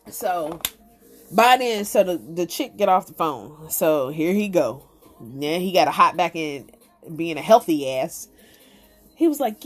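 A woman's voice: fairly low pitch, animated, a little slow. A woman host telling a comic story in a casual, profane and exasperated way. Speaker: podcast host.

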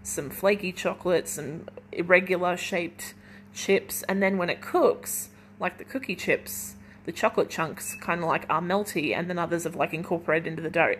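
A woman's voice: lowish voice, a little fast, fairly bright tone, a little hiss or hum. A young woman hosting a casual solo podcast from her kitchen at home, chatting in a rambling way full of "like". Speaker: podcast host.

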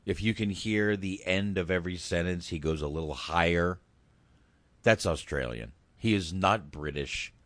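A man's voice: deep voice, normal speed, fairly bright tone, dry recording. A man giving casual, rambling reaction commentary on a film clip, swearing and restarting his sentences. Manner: rambling, profane, hesitant restarts.

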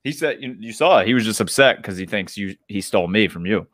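Laid-back male co-host, lowish voice, dry close recording. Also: quick pace, fairly bright tone, no room sound. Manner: easygoing, brief agreeing replies. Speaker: podcast co-host. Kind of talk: casual podcast banter.

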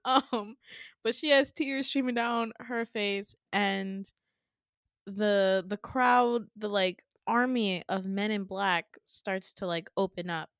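A young woman hosting a podcast, retelling a dream in a casual, animated way with swearing and laughing asides. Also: mid-range voice, slow pace, no room sound, clean studio sound. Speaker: podcast host. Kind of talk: casual storytelling.

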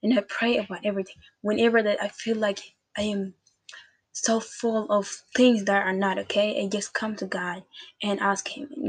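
A woman's voice: medium pitch, level tone, normal speed, slightly rough. A woman giving a casual devotional talk as a faith vlogger, earnest and repetitive, speaking straight to her listeners.

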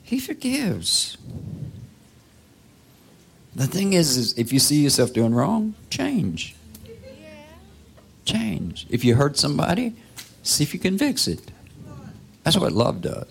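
A man's voice: fairly high pitch, sing-song, a little slow, vocal fry, long pauses, a little hiss or hum. A man preaching a sermon in a church, talking to the congregation in a conversational way, asking rhetorical questions and sometimes dropping to a whisper.

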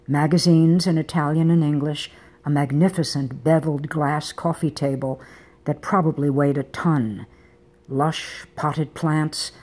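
Audiobook narrator, woman, low husky mellow voice, soft intimate delivery. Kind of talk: scripted narration of a romance novel.

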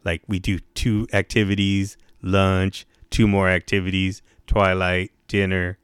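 A man's voice: sits low, flat delivery, unhurried, clear, resonant tone, dry recording, studio quality. A man telling a casual story full of slang and swearing, jumping his voice up to act out what people said. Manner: profane, slangy, acts out quotes in a raised voice.

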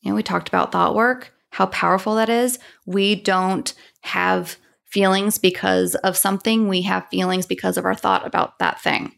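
A woman's voice: fairly low pitch, vocal fry. A woman co-hosting a podcast, talking casually and coaching listeners through examples. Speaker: podcast co-host. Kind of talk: casual self-help chat.

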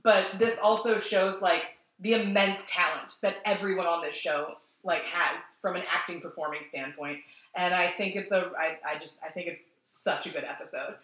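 Bright-voiced woman recapping a show. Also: fairly low pitch, normal speed, reverberant, poor audio. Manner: animated, laughing, swearing, acts out quotes. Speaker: podcast co-host. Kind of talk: casual chat recapping a TV episode.

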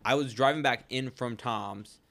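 A young man in casual podcast chat, spinning out a long, loose anecdote at an ordinary middle pitch. His talk is full of "like" and casual swearing. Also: moderate pace, gravelly, fairly bright tone. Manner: rambling anecdote, heavy use of "like", frequent swearing. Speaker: podcast co-host.

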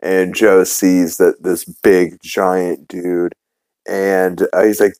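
A man's voice: sits low, level tone, slow, dark tone, dry recording. A man hosting a podcast, casually recapping a cartoon episode with lots of ums and uhs. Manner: rambling, many fillers. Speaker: podcast host.

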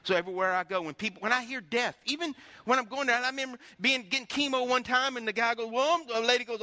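A man's voice: extremely high pitch, steady tone, quick pace, few pauses, sharp tone, no echo. A middle-aged man preaching a sermon as pastor, telling folksy stories and calling out to his congregation.

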